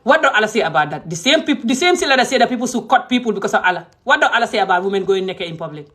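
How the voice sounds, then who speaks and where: A woman's voice: animated, racing. Indignant Gambian woman ranting. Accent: Gambian English. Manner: emotional, indignant, swings between shouting and low muttering. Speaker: vlogger. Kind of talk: heated ranting monologue.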